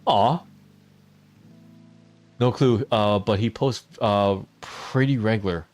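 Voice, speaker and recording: A man's voice: fairly low pitch, slow pace, darkish tone, faint music behind. A man streaming a farming game, chatting casually with his viewers, answering chat and laughing often. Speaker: teacher. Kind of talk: casual live-stream chat while gaming.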